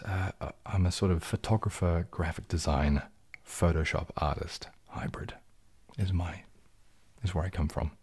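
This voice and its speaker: Man, low voice, husky, mellow, soft-spoken livestream chat, drifts into whispers. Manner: relaxed, rambling, drops into whispers, reads chat aloud. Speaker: ASMR livestream host.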